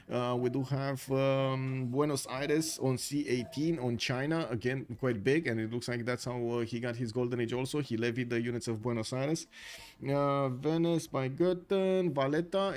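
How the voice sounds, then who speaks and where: A man's voice: medium pitch, darkish tone. Chatty man casting a strategy game. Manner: chatty, thinks aloud, many fillers. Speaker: game caster. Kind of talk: live stream commentary.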